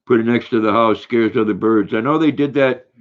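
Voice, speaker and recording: A man's voice: mid-range voice, a little fast, highs cut off. An older man hosting a casual livestream, chatting and reading viewer comments aloud while talking to his dog. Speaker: livestream host.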